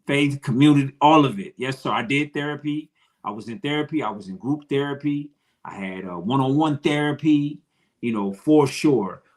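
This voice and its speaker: A man's voice: medium pitch, normal speed. A man from Detroit, a podcast guest, talking earnestly and repeating his phrases. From Detroit, Michigan. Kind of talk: emotional interview talk.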